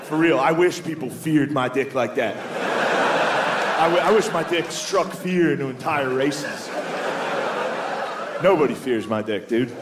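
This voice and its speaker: A man doing a stand-up comedy set, profane and self-mocking, jumping into high voices when he quotes people. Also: animated, a little slow, pauses often, heavy background noise. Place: comedy club stage with a live audience. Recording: roomy club with loud crowd laughter.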